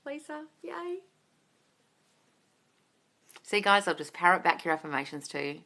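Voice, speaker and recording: Woman coach reading comments on a live stream, super excitable, swears a lot, very bright sharp voice. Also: fairly low pitch, measured pace. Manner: gushing and excitable, calls listeners darling, swears freely. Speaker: manifesting coach and host.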